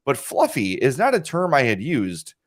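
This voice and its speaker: Man, podcast co-host, mid-pitched voice, chatty, rambling. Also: huge pitch swings, normal speed. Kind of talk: casual podcast chat. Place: studio with video cameras.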